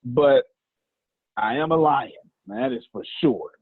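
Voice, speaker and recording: Man, motivational speaker, fiery and preachy, husky voice, tinny phone-like sound. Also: slow, no room sound. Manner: fiery, preachy, emphatic with big pitch swings. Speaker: business speaker. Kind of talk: motivational talk.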